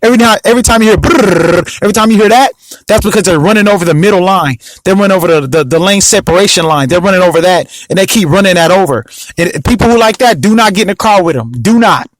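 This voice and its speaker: High voiced guy rambling fast on his podcast, keeps asking you see what i mean. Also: rough recording. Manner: rambling, repeats himself, lots of restarts; emphatic, asks the listener often. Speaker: podcast host. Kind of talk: casual monologue.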